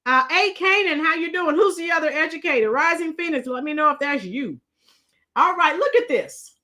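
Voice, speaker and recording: High, bright-voiced middle-aged woman chatting. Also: expressive, moderate pace. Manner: chatty, greets commenters, breaks into song. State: voice strained from shouting. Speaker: livestream host. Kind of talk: casual livestream commentary.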